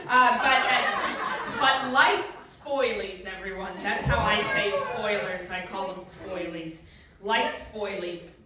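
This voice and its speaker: A young adult woman from Maryland performing a stand-up comedy set, telling a story with big shouted punchlines. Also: on the high side. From Maryland, USA. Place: comedy club stage. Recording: echoey club from a distant mic.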